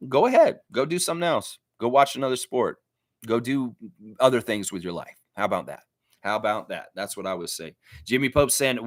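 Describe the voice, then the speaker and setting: A man's voice: mid-range voice, fairly bright tone, no echo, studio quality. A man hosting a casual sports reaction livestream, reading viewer comments aloud and answering them in a blunt, profane way. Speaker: livestream host reading chat.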